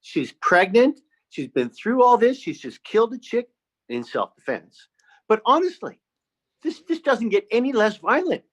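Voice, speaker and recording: A middle-aged man who is a guest on a podcast, in casual, playful chat, chiming in with quick agreement and jokes. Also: sits high, very animated, lo-fi sound.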